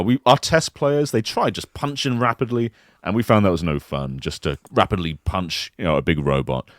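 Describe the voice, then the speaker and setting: A man co-hosting a podcast in casual chat, pitching an imagined game console like an animated storyteller. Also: dry recording, clean studio sound. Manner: animated storyteller who slips into silly voices. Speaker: podcast co-host.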